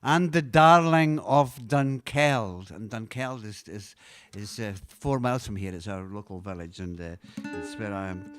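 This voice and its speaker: A man's voice: deep voice, steady tone, normal speed. A Scottish singer-songwriter chatting between songs on his own live show, rambling and hesitant with lots of fillers, patiently explaining things to his listeners. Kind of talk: casual chat between songs. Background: guitar.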